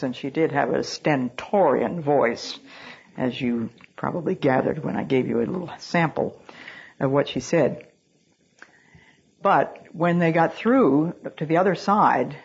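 A woman with a low, husky voice preaches a sermon on a dull, lo-fi recording. She speaks earnestly and reads scripture in a solemn, old-fashioned cadence. Her stories unfold steadily. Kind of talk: sermon with storytelling.

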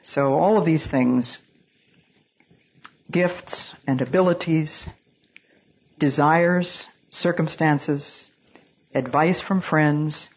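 A woman's voice: deep voice, drawn-out words, long pauses, husky, highs cut off. A woman preaching a sermon, telling stories in an earnest way and quoting scripture in a solemn, old-fashioned cadence. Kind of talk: sermon with storytelling.

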